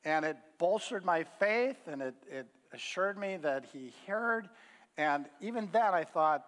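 A man's voice: high voice, expressive, measured pace, a bit bright. A middle-aged man preaching in a casual, folksy storytelling way with lots of fillers. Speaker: pastor. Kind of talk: sermon storytelling. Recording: hall reverb.

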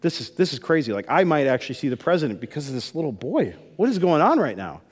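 A man's voice: on the high side, sing-song, fast, husky, big-room sound, voice pushed down. A man voicing a dejected, annoyed soldier in a spoken story. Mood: amazed.

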